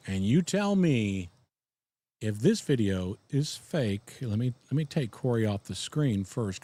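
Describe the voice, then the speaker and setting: A man's voice: medium pitch, mellow, no echo. A man with a Southern US accent hosting a casual podcast live stream, rambling in a folksy way and reading viewer comments. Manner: folksy, rambling, chuckles often. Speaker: podcast host.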